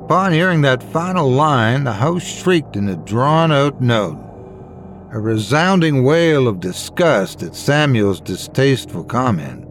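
Male horror storyteller, mid pitch, very expressive delivery, soft music bed. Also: a little slow, slight background noise. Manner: dramatic, expressive.

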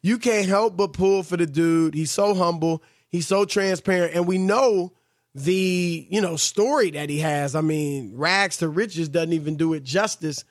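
High-voiced man hosting sports talk. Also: measured pace, dry recording, clean studio sound.

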